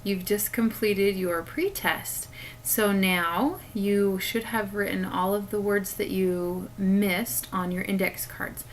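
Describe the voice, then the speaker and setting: A woman's voice: mid-range voice, slow, slight background noise, poor audio. A woman teacher giving a recorded spelling lesson to children, patiently explaining each step through a webcam.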